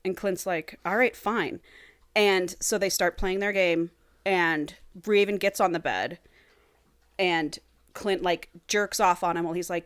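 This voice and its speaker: A woman's voice: on the low side, fairly even intonation, a little slow, a bit bright, clear, resonant tone, no room sound, studio quality. A woman co-hosting a casual podcast, retelling a novel dramatically and acting out the characters' lines with frequent laughs. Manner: dramatic, acts out character quotes, laughs often. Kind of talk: casual chat, animated story retelling.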